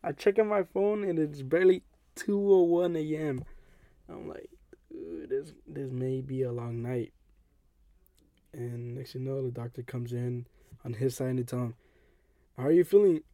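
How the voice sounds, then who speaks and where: A young adult man hosting a podcast, telling a personal story in a casual, animated way and acting out what others said. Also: mid-range voice, a little slow, no room sound. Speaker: podcast host.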